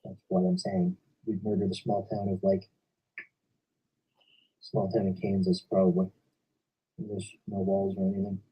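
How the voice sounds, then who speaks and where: A man's voice: sits low, measured pace, long pauses, slightly rough, distant mic, lo-fi sound. A young man hosting a stream, chatting casually and rambling about video games. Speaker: stream host. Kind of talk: casual chat. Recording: voice from away from the mic.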